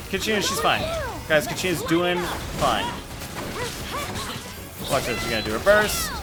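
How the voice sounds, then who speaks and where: A man streaming a game, chatting casually and excitably with his viewers. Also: on the high side, normal speed, long pauses, over loud music. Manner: excitable, jokey, reacting to chat. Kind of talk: casual live-stream chat.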